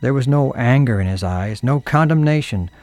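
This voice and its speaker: A man's voice: mid-range voice, animated, moderate pace, darkish tone. A man narrating a radio drama in an earnest, dramatic storytelling manner. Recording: music underneath.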